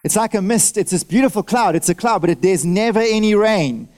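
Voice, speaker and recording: High-voiced preacher firing rhetorical questions. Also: male voice, a little fast. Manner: animated, fires off rhetorical questions at the congregation; talks directly to listeners, asks for nods and amens. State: wearing a face mask. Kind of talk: sermon. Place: church service.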